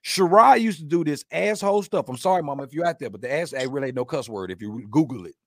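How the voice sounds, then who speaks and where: A man hosting a podcast, chatting casually, joking, rambling through stories and giving shout-outs to listeners. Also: fairly high pitch, expressive, fast, dry recording. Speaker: podcast host.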